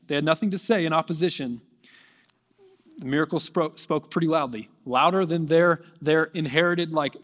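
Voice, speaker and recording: A man preaching a sermon, reading scripture aloud and rising to near shouting at its peaks. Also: fairly high pitch, big-room sound. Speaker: pastor.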